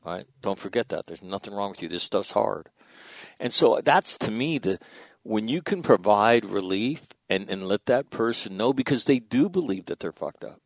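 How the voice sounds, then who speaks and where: A man's voice: lively intonation, normal speed, dry recording. A man telling a war story in a podcast conversation, blunt and profane, dropping his voice when quoting. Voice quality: low gravelly voice. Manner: blunt, profane, drops to a hush for quoted dialogue. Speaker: guest, former military officer.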